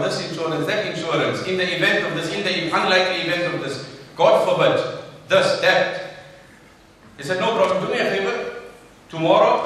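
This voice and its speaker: A man's voice: high voice, a bit bright, a little hiss or hum. A man giving a storytelling sermon as an Islamic lecturer, acting out the characters in his story and quoting Arabic. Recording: echoey hall, far from mic.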